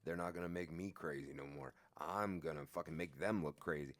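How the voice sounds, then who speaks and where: Low-voiced guy doing a swear-heavy storytime, talks loose and lively. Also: fairly quick. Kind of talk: casual storytime monologue.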